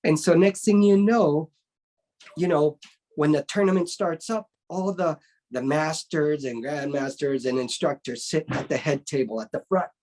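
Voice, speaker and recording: With a fairly high voice at a moderate pace, a middle-aged man who teaches martial arts recounts a story during a casual interview. He gets animated, voices the characters himself, and repeatedly asks "right?"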